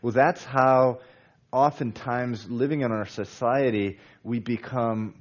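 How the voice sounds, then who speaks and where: Speaking slowly in a medium-pitched voice, with the highs cut off, a man preaches on a Bible passage in a conversational manner. His delivery is full of fillers and restarts, and he becomes more emphatic over time.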